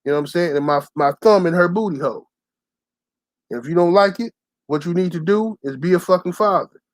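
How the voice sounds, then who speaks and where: A young man ranting to his channel's viewers, telling a story in a loud, profane, heated way and shouting the lines he quotes. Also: high-pitched, a little fast, no echo. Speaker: channel host. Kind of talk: profane storytelling rant to camera.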